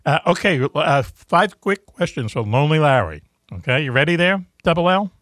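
A man's voice: a little high, sing-song, moderate pace, a bit bright, no echo, clean studio sound. Teasing man hosting a casual chat. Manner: teasing, laughs often. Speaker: host.

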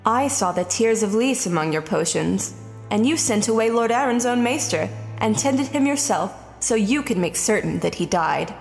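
A woman reading an audiobook, voicing a sharp-witted nobleman pointedly accusing someone. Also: on the high side, expressive, moderate pace, gravelly, soft background music. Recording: long hall reverb.

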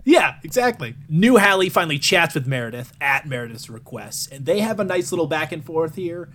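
A man with a somewhat high-pitched voice co-hosts a casual movie review chat. He recaps scenes in a laid-back way, swearing now and then and tossing in "dude.". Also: very animated, fairly quick, a bit bright. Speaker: podcast co-host.

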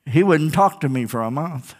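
A man preaching from the pulpit, his voice sitting a little higher than most men's. He tells personal stories and plays out both sides of each conversation. He draws key phrases out slowly for emphasis and keeps asking the room for an "Amen.". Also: lively intonation, breathy edge. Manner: storytelling preacher, acts out quoted exchanges, calls out "Amen?". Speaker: pastor. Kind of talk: sermon.

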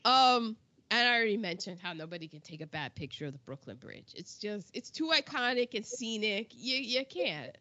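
A woman chatting casually about an old film, animated and quick to laugh, often trailing off mid-sentence. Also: mid-range voice, no echo, highs cut off.

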